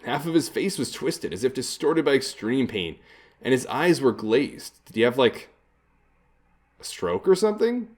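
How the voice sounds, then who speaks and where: A man's voice: medium pitch, sing-song, normal speed, a little mellow. A man hosting a let's play, reading the game text aloud with casual, chuckling asides. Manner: casual, chuckling asides between read lines.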